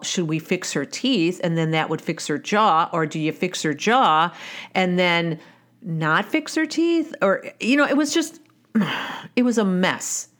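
A woman, a wife and mother, telling a personal story in a candid, wry, conversational way, often restarting her sentences. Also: fairly low pitch.

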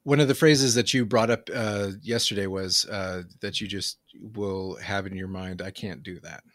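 A man in casual conversation, talking in a halting, reflective way with many fillers and restarts. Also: fairly low pitch, steady tone, a bit bright, dry recording, clean studio sound. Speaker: conversation partner.

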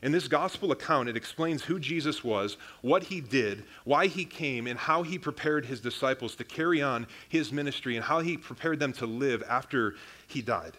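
A man's voice: mid-range voice, animated, normal speed, a bit bright. A young man, a pastor, preaching a sermon in a casual, conversational way, often calling the congregation "guys" and restarting his sentences.

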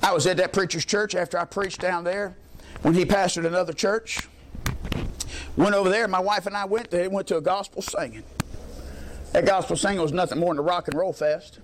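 A man's voice: high-pitched, fairly even intonation, brisk, a little hiss or hum. A male pastor preaching a sermon in a folksy, emphatic storytelling way, repeating his points for effect.

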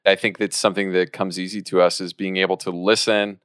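A man's voice: deep voice, little pitch movement, fairly quick, fairly bright tone, clean tone, no echo, clean studio sound. A man co-hosting a casual improv podcast, earnest and explanatory.

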